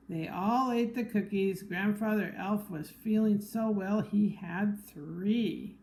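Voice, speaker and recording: A woman reading a picture book aloud to a child, gently pointing out the pictures. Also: mid-range voice, slow, hardly any pauses, low-quality recording. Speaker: storybook reader.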